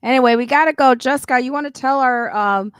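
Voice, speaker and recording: A woman's voice: high voice, quick pace, smooth, dry recording, studio quality. A middle-aged woman hosting a live podcast stream, chatting loosely and plugging shows with casual swearing. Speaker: podcast host.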